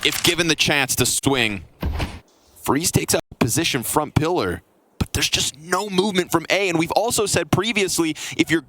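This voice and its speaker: A man calling an esports match play-by-play, fast and rising to shouts at big plays. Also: fairly high pitch, slight background noise. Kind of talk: live esports commentary.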